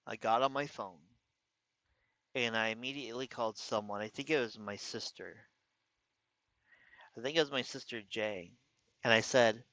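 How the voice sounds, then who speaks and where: A man earnestly recounting a painful personal story, incredulous and halting, often restarting his sentences. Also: medium pitch, sharp tone, dry recording. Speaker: vlogger. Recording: slightly dull lo-fi recording.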